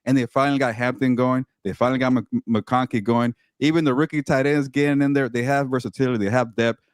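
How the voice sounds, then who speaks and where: A man co-hosting a casual sports talk show, excitable and quick, often repeating words as he goes. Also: mid-range voice, no room sound, studio quality. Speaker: co-host and team reporter.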